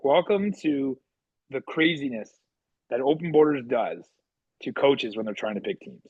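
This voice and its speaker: Animated husky man telling stories. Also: normal speed, dry recording, narrow, tinny audio. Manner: animated, acts out quotes with big pitch jumps. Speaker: podcast co-host and goalie coach. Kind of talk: casual storytelling chat.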